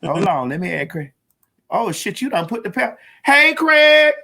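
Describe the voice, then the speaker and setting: A woman hosting a live-streamed comedy talk show, loud, brash and profane, hollering at her audience. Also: mid-range voice, big pitch swings, unhurried. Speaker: host.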